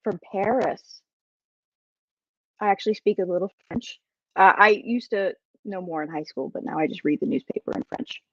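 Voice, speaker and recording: A woman guest-hosting a live podcast, bubbly and excitable, greeting viewers with lots of exclamations. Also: mid-range voice, moderate pace, no room sound. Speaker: guest host. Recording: dry, slightly dull sound.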